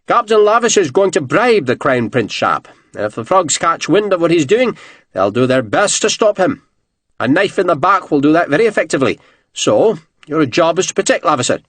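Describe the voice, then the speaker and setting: A blustering, growling army general, blunt and profane, his voice climbing with animated emphasis, as a male audiobook narrator plays him. The voice sits fairly high for a man and the recording is dry. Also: moderate pace, no echo.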